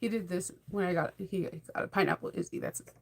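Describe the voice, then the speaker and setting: Rambling and enthusiastic, a middle-aged woman chats casually on her sewing channel, laughing a lot. She talks fast with vocal fry, her pitch fairly low.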